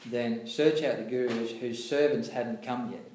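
A man telling old stories in a casual chat, lively and acting out what others said. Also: medium pitch, measured pace. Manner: animated storyteller, acts out quotes, many fillers. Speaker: devotee recalling past. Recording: echoey room, faint noise.

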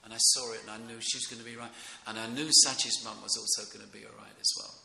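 Middle-aged guy rambling through a temple class, excitable, gravelly and pushy-sounding, roomy echo. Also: fairly low pitch, fast. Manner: rambling, excitable, often chuckling. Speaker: speaker giving a devotional class. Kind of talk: informal devotional class talk. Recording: echoey room with faint noise.

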